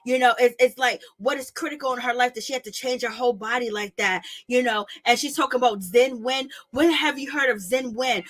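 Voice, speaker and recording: A woman recapping a reality show in casual, slangy talk, animated and gossipy, laughing often. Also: a little high, fairly quick, hardly any pauses. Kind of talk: casual commentary.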